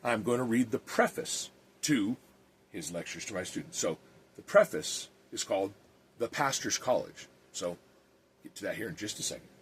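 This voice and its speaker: A man's voice: fairly low pitch, big pitch swings, normal speed, slight background noise. A man who is an evangelist and podcast host, talking earnestly and plainly with some restarts and reading aloud.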